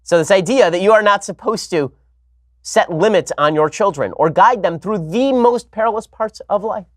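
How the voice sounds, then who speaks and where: A man hosting a political talk show, delivering a rapid opinionated monologue full of sarcastic, mocking asides. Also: high-pitched, expressive, no echo, studio quality.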